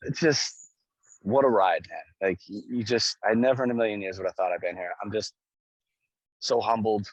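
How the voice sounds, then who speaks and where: A man's voice: fairly low pitch, normal speed, dry recording, lo-fi sound. A young man in his twenties, a pro hockey goaltender, recounting a game in casual, emotional storytelling, swearing and repeating phrases as he gets caught up.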